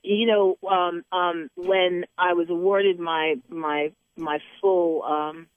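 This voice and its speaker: A woman's voice: lowish voice, steady tone, takes it slowly, dry recording. A middle-aged woman hosting a talk show, talking in an emphatic preaching way and repeating words for emphasis. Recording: tinny phone line.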